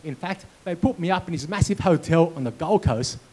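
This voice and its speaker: A man's voice: on the high side, a little fast, low-quality recording. A man giving a motivational keynote speech at a conference, telling personal stories with comic timing. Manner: animated storyteller, comic timing. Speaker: keynote speaker. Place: conference hall.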